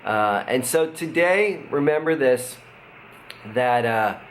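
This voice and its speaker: Relaxed man giving a casual devotional. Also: mid-range voice, takes it slowly. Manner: relaxed, conversational, with many fillers and chuckles. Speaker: pastor. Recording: faint background noise.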